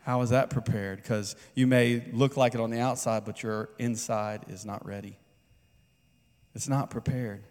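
A man's voice: mid-range voice, steady tone, moderate pace, darkish tone. A man preaching a sermon in a church, speaking conversationally and putting questions to the congregation. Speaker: pastor. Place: church sanctuary. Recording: long reverb of a large hall.

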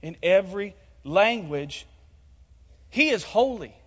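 High-voiced man preaching in a reverberant hall. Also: expressive, slow, fairly bright tone. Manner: preaching, calls on the congregation to speak. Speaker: pastor. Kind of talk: sermon. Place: church hall. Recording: muffled sound with long hall reverb.

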